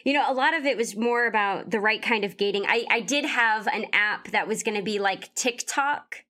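A woman's voice: medium pitch, normal speed, sharp tone. A woman guest on a podcast, a puzzle designer, talking in a bubbly, giggly way. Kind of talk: casual chat.

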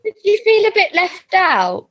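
A woman's voice: extremely high pitch, sing-song, a bit bright, highs cut off. A woman co-hosting a casual podcast, joking and teasing as she chats about TV. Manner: teasing, quick to joke. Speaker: podcast co-host.

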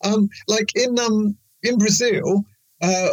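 A man's voice: sits high, steady tone, takes it slowly, no room sound, poor audio. A man chatting casually, rambling hesitantly through words he heard abroad. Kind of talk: casual chat.

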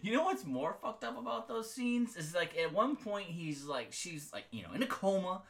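Young male co-host, bright and expressive, laid-back reactions with cursing. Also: normal speed, gravelly. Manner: laid-back, reactive, swearing, lively pitch. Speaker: podcast co-host. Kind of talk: casual chat.

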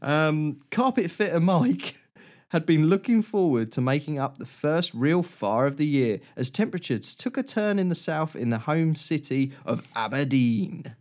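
A man's voice: on the high side, animated, moderate pace, a little mellow. A man co-hosting a casual comedy podcast, reading odd news stories aloud and often breaking into laughter. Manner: giggly, reads quotes with a chuckle. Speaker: podcast co-host.

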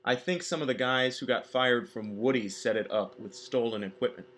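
A man's voice: medium pitch, normal speed, a bit bright, close to an everyday voice. A man voicing a whiny, sleazy male suspect under arrest, talking in a groaning, confessional way.

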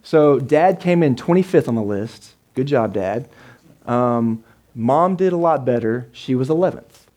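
A man's voice: medium pitch, expressive, a little slow, dark tone. Conversational pastor, man. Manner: conversational, repeats words, keeps checking in with the congregation. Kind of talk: sermon. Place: church service with a live congregation.

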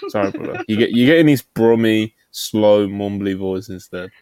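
A man's voice: lowish voice, moderate pace, a little mellow, clean tone, no echo. A man hosting a podcast in casual chat, laid-back, laughing often and reading out donations.

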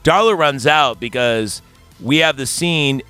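A man's voice: medium pitch, unhurried, clear, resonant tone, soft background music. A man co-hosting a podcast, chatting casually while retelling a film and acting out its lines. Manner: animated, acts out movie lines. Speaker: podcast co-host. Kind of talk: casual chat, recapping a film.

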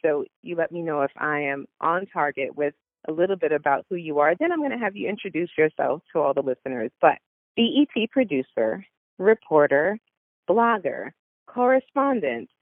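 A woman's voice: low voice, sing-song, moderate pace, no echo, narrow, tinny audio. A woman hosting a podcast, introducing her guest with gushing, enthusiastic praise. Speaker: podcast host. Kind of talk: podcast interview.

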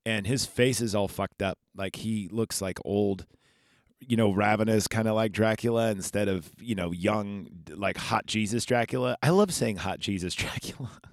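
Rambling low-voiced man. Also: fairly even intonation, moderate pace, no room sound, clean studio sound. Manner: rambling, chatty, with fillers and asides. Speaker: podcast host reviewing a film. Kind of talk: casual chat. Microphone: podcast microphone.

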